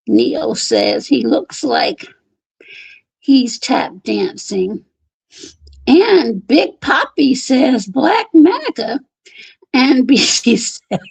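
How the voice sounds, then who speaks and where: A woman's voice: fairly high pitch, creaky, a little mellow, slightly rough, dry recording, rough recording. A woman hosting a casual livestream, laughing often as she reads viewer comments aloud. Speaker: livestream host.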